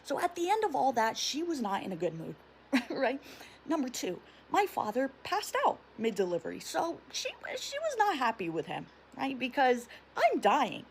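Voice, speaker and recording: A woman's voice: high-pitched, moderate pace, creaky, slight background noise. A young woman telling a funny, profane family story in a casual storytime. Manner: animated, profane, comic storytelling.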